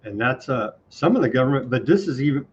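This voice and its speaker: A man's voice: mid-range voice, animated, quick pace, slight background noise. A man hosting an online news show, reading items aloud and adding wry, casual comments. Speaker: show host. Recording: dull lo-fi sound.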